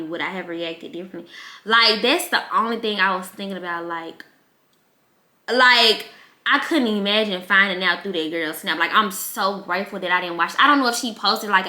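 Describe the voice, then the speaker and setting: A young woman speaking in tells a personal story in a casual, candid way. Her voice is bright, and she acts out her relatives as she goes. The sound is roomy, with a noticeable echo. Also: mid-range voice. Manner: candid, emotional, animated quoting of relatives. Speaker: vlogger. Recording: echoey room.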